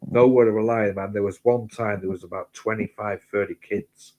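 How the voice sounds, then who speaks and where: A man telling rambling, sweary anecdotes in casual chat, getting louder as the story builds. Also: moderate pace, low-quality recording. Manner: sweary rambling anecdotes, gets loud and high when excited. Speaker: host.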